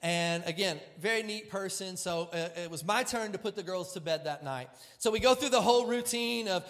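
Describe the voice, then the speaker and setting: A male pastor preaching with a personal story, animated and self-deprecating, moving between loud outbursts and hushed, serious moments. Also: high voice, moderate pace, hardly any pauses. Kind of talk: sermon storytelling.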